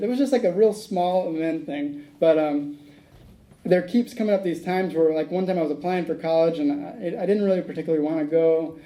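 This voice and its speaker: A man's voice: a little high, warm tone, a little hiss or hum, poor audio. A man speaking at a recovery meeting, telling a rambling personal story, acting out the dialogue and laughing at his own tale.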